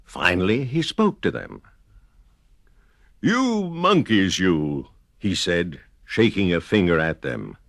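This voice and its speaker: A man reading a children's picture book aloud, slow and deliberate with a sing-song repetition. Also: sits low, huge pitch swings, vocal fry, fairly bright tone, no echo, clean studio sound. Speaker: storyteller. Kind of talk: children's storybook narration.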